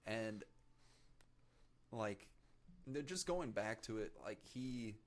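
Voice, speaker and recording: Man in his twenties, podcast guest: flat, monotone delivery, halting with fillers, low-ish voice. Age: 20s. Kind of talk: casual chat.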